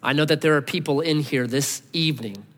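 A man in his thirties preaching a sermon as pastor, animated, acting out voices and swinging between loud and soft. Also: a little high, a little fast. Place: large church hall. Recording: long hall reverb.

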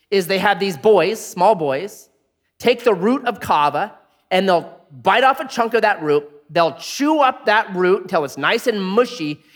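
Animated preacher man in an echoing hall. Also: high-pitched. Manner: animated storytelling, swings from loud to hushed. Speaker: pastor. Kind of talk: sermon. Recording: long hall reverb.

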